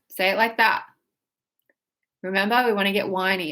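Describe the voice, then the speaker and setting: A woman's voice: medium pitch, steady tone, bright, forceful tone. A woman leading a guided tapping and breathing exercise, giving instructions and speaking emotional phrases for listeners to repeat. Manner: slow, guiding, with yawns and whiny repeated phrases. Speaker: tapping practitioner.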